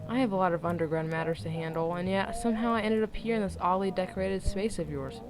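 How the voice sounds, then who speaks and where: A woman voicing a smug, dangerous old-fashioned gentleman intruder in a put-on British accent, low and purring. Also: fast, music in the background, natural voice. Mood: calm. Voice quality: low purring voice, full of himself.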